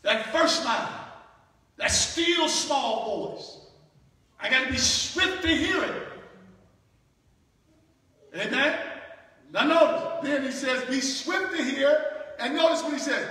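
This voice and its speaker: A man's voice: very high voice, animated, takes it slowly, long pauses, pushed and bright. A man preaching a sermon as a bishop, repeating phrases and calling out "Amen?" to the congregation. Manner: repetitive, calls out "Amen?" and "Huh?" to the room. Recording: echoey hall, far from mic.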